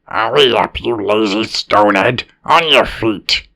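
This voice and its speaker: A man voicing a small, loud, bossy male goblin who squeaks and shouts orders. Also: lively intonation, a little slow, creaky, full character voice. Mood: yelling.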